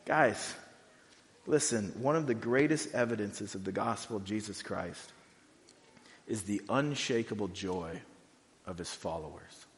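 A pastor preaching a sermon in a conversational way, full of "like"s, going from quiet and low to loud and high. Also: male voice, unhurried, long pauses, in a large hall. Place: church hall.

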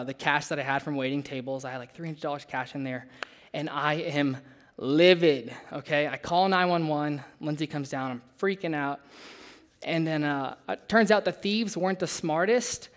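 A young adult man delivering a sermon. He talks in a relaxed, conversational way, breaking into a personal story and turning to his listeners with asides. His voice sits slightly high for a man. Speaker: preacher.

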